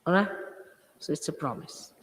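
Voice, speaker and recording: A woman's voice: normal speed, fairly bright tone. An older woman, a spiritual teacher, giving an informal talk to followers, scolding and emphatic, repeating phrases for stress, recorded on old archive tape. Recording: echoey hall, 1980s archive tape.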